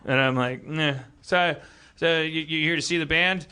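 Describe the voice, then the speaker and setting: Male comedy-podcast host from Milwaukee, bright and slightly high voice, profane rambling storyteller. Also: little pitch movement, moderate pace, slight background noise. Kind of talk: live comedy podcast chat. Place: stage before a live audience.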